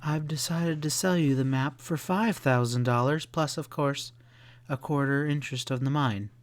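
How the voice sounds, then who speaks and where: A man voicing a cool-headed, determined young woman in an audiobook, raising his voice higher for her. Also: moderate pace, close to an everyday voice. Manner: raised pitch for a young woman.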